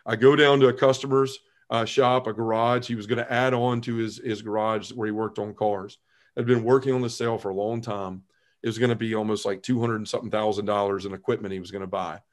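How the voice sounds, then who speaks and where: A man in his forties, a podcast guest telling his conversion story in an earnest, animated way, acting out his past self. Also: fairly low pitch, fast.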